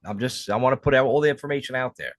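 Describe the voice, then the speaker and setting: A man's voice: mid-range voice, very fast, no room sound. A young man co-hosting a podcast, musing and speculating in casual chat, swearing freely. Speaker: podcast co-host.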